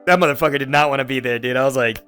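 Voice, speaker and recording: A man's voice: mid-range voice, fairly even intonation, very fast, sharp tone, smooth, soft background music. A man in his twenties from Florida hosting a podcast, telling a long, rambling story full of swearing and fillers. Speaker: podcast host. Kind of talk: casual chat.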